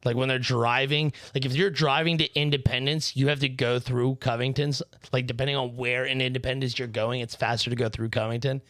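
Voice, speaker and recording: A man from Northern Kentucky tells stories in a laid-back podcast chat, swearing casually. His voice is mid-pitched and recorded dry and close. He talks with an easy, unhurried flow. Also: level tone, a bit bright, no room sound. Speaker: podcast co-host.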